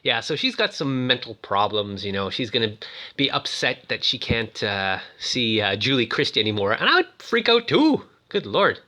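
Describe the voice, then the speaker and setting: A man's voice: on the low side, moderate pace, bright, forceful tone. A man giving casual, jokey commentary on a movie, exclaiming often. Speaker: movie reviewer.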